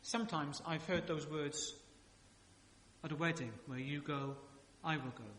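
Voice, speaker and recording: A man's voice: a little high, steady tone, unhurried, fairly bright tone, a little hiss or hum. A male pastor preaching a sermon in a church, chatty and joking, with many rhetorical questions. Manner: conversational preaching with rhetorical questions and humorous asides. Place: church sanctuary. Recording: echoey church hall reverb.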